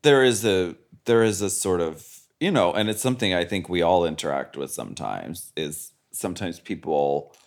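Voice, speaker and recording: A man co-hosting a chat podcast, talking in a low voice. His pitch rises and falls a lot, and he thinks out loud as he reflects. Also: animated, normal speed, few pauses. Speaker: podcast co-host. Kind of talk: casual chat.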